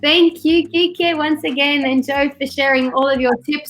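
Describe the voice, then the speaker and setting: A woman's voice: high voice, a little slow. A woman hosting a webinar over a video call, talking casually and animatedly, often acting out what people said. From not from Australia; studied there. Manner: animated, chatty, acts out quotes. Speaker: webinar host.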